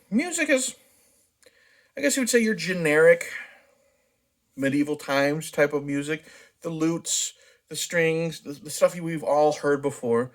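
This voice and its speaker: A man casually reviewing a movie, talking frankly and chatting loosely with plenty of restarts. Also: mid-range voice. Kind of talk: casual spoken film review.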